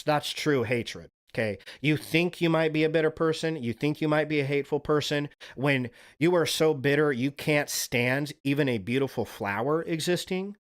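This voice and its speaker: A man hosting a livestream, talking in a casual, earnest, rambling monologue and swearing now and then. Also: mid-range voice. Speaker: livestream host.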